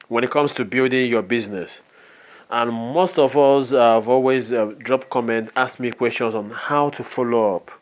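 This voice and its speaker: A man with a Nigerian accent giving a motivational business training talk, earnest and often checking in with "okay?". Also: mid-range voice. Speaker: network marketing trainer.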